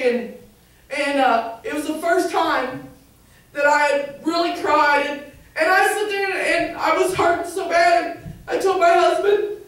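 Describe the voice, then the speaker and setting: A woman with a Southern Illinois accent gives a church testimony in an extremely high voice. She speaks haltingly, with many restarts, and swells into fervent cries. She is picked up from a distance, deep in a very echoey sanctuary. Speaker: church member giving testimony. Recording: very echoey church, recorded from afar.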